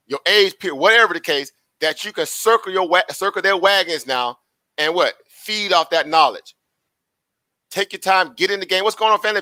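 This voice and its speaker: Host type: man, bright forceful voice, dry close sound, rhetorical live-stream trader patter. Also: on the high side, dry recording. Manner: chatty, repetitive, asks rhetorical questions, laughs often. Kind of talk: casual live-stream commentary.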